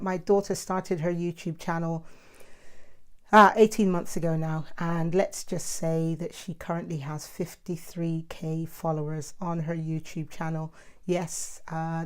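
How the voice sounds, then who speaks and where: A woman's voice: lowish voice, darkish tone. A middle-aged woman, talking casually and animatedly in her own monologue, self-described as the mouthy one. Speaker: host.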